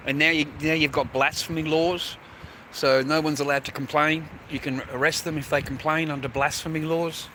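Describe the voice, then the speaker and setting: This is a street livestream: a young man with an Australian accent addresses his viewers with laddish banter and plenty of swearing. His pitch is fairly high, his tone level, his pace moderate. The audio is poor, with heavy traffic and city ambience behind him.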